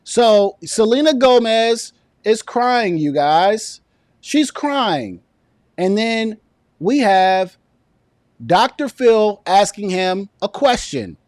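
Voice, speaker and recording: A man's voice: high-pitched, animated, takes it slowly, a little mellow, no room sound. A man giving a political commentary rant as a vlogger, sounding indignant and sarcastic.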